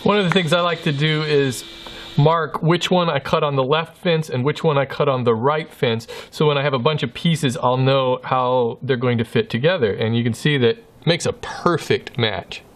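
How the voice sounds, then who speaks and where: A man explaining a woodworking technique in a calm, instructive way. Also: medium pitch, normal speed. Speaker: woodworking channel host.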